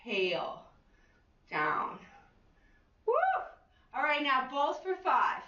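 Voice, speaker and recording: A woman's voice: high-pitched, big pitch swings, takes it slowly, sharp tone. A woman fitness instructor cueing an exercise class with an upbeat manner, counting reps and letting out whoops. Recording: echoey room, far from the mic, dull lo-fi.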